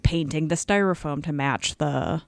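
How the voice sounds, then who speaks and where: A woman's voice: low-pitched, normal speed, vocal fry, no echo. A young woman, a guest artist on a podcast, talking in a chatty, casual way and laughing often. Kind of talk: casual chat.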